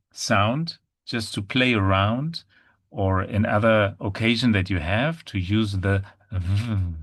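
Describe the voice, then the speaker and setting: Slow low-voiced man teaching pronunciation. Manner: patient, repeats words slowly for students to copy. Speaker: German teacher. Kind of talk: pronunciation lesson.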